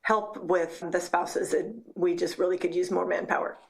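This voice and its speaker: Earnest lower-voiced woman guest. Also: flat delivery, moderate pace, creaky, a little hiss or hum. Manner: earnest, gets teary while speaking. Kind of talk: casual chat.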